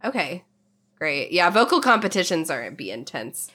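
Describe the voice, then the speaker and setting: A woman co-hosting a podcast, chatting casually with quick asides. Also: low voice, very animated, bright, forceful tone. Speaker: podcast co-host. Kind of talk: casual chat.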